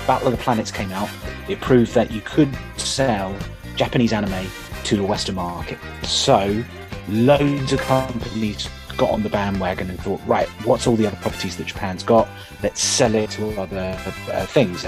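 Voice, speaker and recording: A man hosting a podcast, chatting casually and retelling childhood cartoons with animated enthusiasm. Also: fairly low pitch. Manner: animated retelling of old cartoons, often laughing. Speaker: podcast host.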